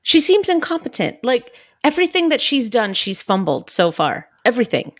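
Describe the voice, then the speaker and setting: A woman's voice: fairly high pitch, very animated, normal speed, no echo, clean studio sound. A woman co-hosting a podcast, giving blunt, opinionated takes in casual chat about a TV episode. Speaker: podcast co-host. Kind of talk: casual TV show discussion.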